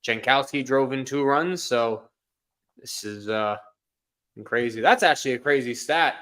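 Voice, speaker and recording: Bright-voiced man chatting about sports. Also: medium pitch, unhurried. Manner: chatty, laughs often, opinionated. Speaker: co-host of a live baseball watch-along stream. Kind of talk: casual live sports chat.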